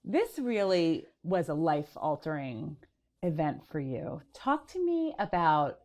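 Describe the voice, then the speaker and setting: Host: woman, lowish voice with lively intonation, encouraging interviewer. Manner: encouraging, quick affirmations. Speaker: podcast host.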